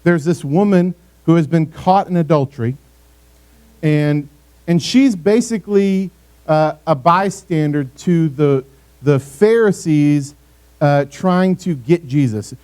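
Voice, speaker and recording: A man's voice: fairly high pitch, takes it slowly, a little mellow. Casual young male youth pastor. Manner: conversational, asks the audience for responses. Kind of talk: youth ministry talk.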